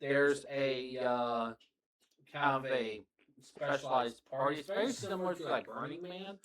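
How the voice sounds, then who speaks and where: A man's voice: medium pitch, unhurried, fairly bright tone, poor audio. A man in a casual podcast chat, explaining at length with many fillers. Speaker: podcast guest.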